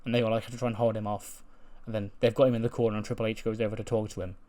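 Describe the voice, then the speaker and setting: A man's voice: on the low side, level tone, racing, warm tone. A man hosting a game channel, casually recounting the events of a wrestling management game in a chatty way.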